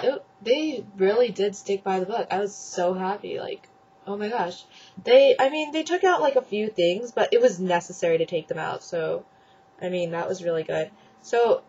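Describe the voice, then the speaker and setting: A young woman talks straight to her camera in a loose, gushing way, piling on fillers as she chats. Her voice has a slightly husky edge. The sound is dull and lo-fi, like an old webcam recording. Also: mid-range voice, a little mellow. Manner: chatty, gushing, lots of fillers. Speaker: vlogger. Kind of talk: casual chat.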